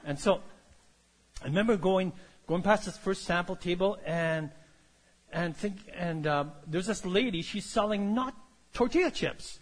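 A man preaching a sermon, telling a story that builds from quiet to loud and calling out for amens. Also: high-pitched, measured pace, big-room sound. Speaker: pastor.

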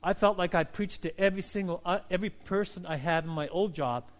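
Pastor, male, middle-aged, high voice; fervent sermon delivery, calm then loud. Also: fairly quick. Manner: builds from calm teaching to loud, fervent preaching.

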